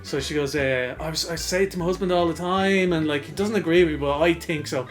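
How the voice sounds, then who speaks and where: Rambling, swearing Irish podcast host. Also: male voice, a little high, quick pace, soft background music. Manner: rambling anecdotes full of fillers and swearing, bursts of laughter. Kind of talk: casual chat, storytelling.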